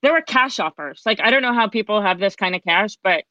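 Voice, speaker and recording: A woman's voice: medium pitch, animated, a little fast, pushed and bright, no echo, dull audio. A woman guest on a podcast who tells a personal story in a candid, chatty way and acts out the dialogue she quotes. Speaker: podcast guest, author and coach.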